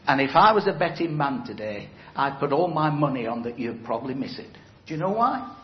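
A middle-aged man preaching to a church hall, emphatic and conversational, often stopping to put questions to his listeners. His voice sits at an ordinary male pitch. It carries the echo of a large room, slightly dulled, with a faint rumble beneath. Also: big pitch swings, brisk. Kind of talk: evangelistic sermon. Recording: roomy, slightly dull hall recording.

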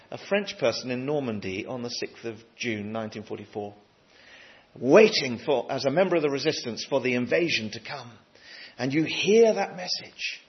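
A man's voice: fairly high pitch, slightly rough, lo-fi sound. A man preaching a sermon in an earnest, emphatic way, often restarting his words.

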